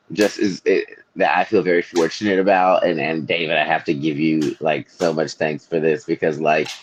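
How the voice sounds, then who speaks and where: Low-voiced man on muffled audio. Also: a little mellow, slightly rough. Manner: playful, rambling, joking asides. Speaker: podcast co-host. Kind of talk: casual chat.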